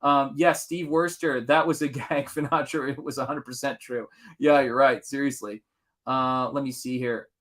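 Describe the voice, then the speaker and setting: A man's voice: mid-range voice, fairly even intonation, moderate pace, fairly bright tone. A middle-aged man hosting a live art stream, chatting casually and enthusiastically with his viewers while he paints. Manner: enthusiastic, rambling, talks to the chat.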